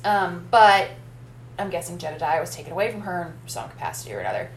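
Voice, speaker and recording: A woman's voice: fairly low pitch, lively intonation, fast talker, echoey room. A woman in casual film discussion, chatty, recapping the plot in detail with little sidebars.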